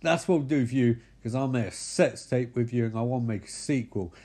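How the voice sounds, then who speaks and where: A man's voice: mid-range voice, a little fast, warm tone, slightly rough. A man voicing a crude, swaggering young boyfriend full of bravado in a comedic recap. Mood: blustering.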